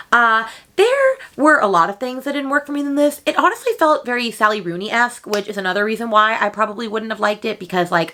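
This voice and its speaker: A young woman vlogging a casual, animated rant about books she disliked, sounding exasperated. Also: medium pitch. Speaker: book vlogger. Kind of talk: casual ranting book review.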